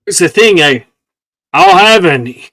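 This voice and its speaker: A game master voicing a brash, raspy-sounding male talking flower with a New York accent, pushy and wisecracking. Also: medium pitch, animated, fairly bright tone, no echo. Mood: chatty. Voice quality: raspy, smoker-like. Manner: pushy, demanding, quick-talking.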